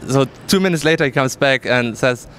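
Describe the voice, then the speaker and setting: A man's voice: mid-range voice, brisk, a bit bright, a little hiss or hum. A young man with a German accent, a pro gamer answering interview questions casually with many fillers and easy laughter at an event. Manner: candid, laughs easily, hesitant fillers. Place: busy gaming event venue.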